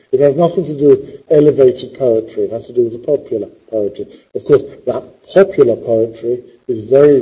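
Male lit lecturer, very husky and mellow, playful sarcasm, dull lo-fi classroom recording. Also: mid-range voice. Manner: animated, teasing, sarcastic asides. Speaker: literature lecturer.

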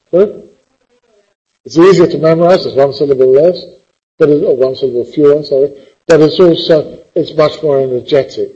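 Male lit lecturer, very husky and mellow, playful sarcasm, dull lo-fi classroom recording. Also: medium pitch. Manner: animated, teasing, sarcastic asides. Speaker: literature lecturer.

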